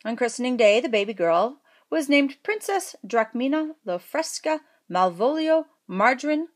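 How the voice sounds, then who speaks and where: A woman reading a comic fairy tale aloud in a playful storytelling voice. Her pitch sits fairly high and swoops lively through jokey asides. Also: moderate pace.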